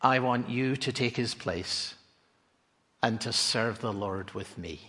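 A preacher voicing a calm, hushed old prophet. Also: male voice, medium pitch, in a large hall, pitched below the performer's own voice. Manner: slow, hushed, reassuring. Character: calm old male prophet, gentle and assured.

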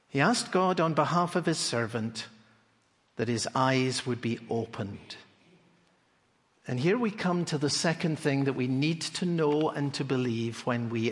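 Expressive male preacher in a reverberant hall. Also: medium pitch. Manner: animated storytelling, rhetorical questions. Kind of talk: expository sermon.

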